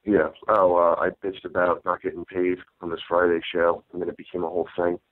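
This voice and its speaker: A man, a stand-up comedian, talking casually in an interview, halting and restarting often. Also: sits low, level tone, no room sound. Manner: halting, with many restarts and fillers. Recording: dry, tinny phone-like sound.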